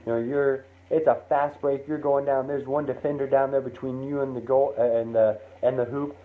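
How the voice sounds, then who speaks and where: A man telling a motivational story in the second person, animated and acting out the scenes, heard over a tinny line. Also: mid-range voice, moderate pace. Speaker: motivational speaker. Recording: tinny phone-like sound, faint noise.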